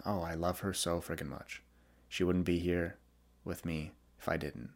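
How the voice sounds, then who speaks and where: A man's voice: sits low, steady tone, normal speed, creaky. A young man hosting a solo podcast, talking candidly and reflectively about his feelings, with frequent restarts. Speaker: podcast host.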